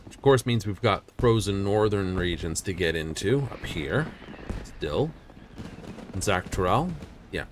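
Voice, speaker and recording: A man's voice: low-pitched, expressive, measured pace, a little hiss or hum. A man streaming a video game, rambling and thinking aloud as he studies the map. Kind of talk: casual game-stream commentary.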